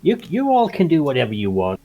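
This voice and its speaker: Menacing young street tough, voiced by a man at the table, pitched up, scornful, fast, light music in the background. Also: huge pitch swings, mellow, full character voice. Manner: contemptuous, threatening.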